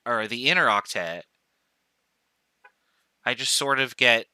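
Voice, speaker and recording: A male chemistry professor teaches in a recorded lecture, taking it slowly in an animated, mid-range voice that's bright, smooth and forceful. He talks through each step aloud, counting dots as he goes and correcting himself along the way. The recording is dry.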